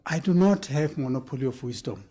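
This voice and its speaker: A man answering a question on a panel, deliberate and emphatic, sometimes repeating words. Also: mid-range voice, expressive, background noise. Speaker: panel speaker at a public event.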